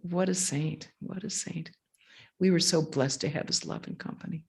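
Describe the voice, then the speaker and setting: A woman, a monastic speaker, telling stories to a retreat audience and answering questions, animated, acting out the voices of others and laughing often. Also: sits low, normal speed, vocal fry, husky. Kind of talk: storytelling talk with audience questions.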